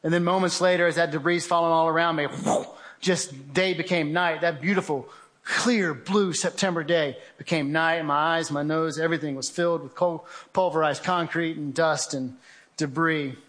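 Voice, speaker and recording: The guest speaker, a middle-aged man, recounts his story as a heartfelt testimony, speaking directly and conversationally and referring to listeners as "guys." His voice runs on the high side and a bit bright, with fairly even intonation and a moderate pace.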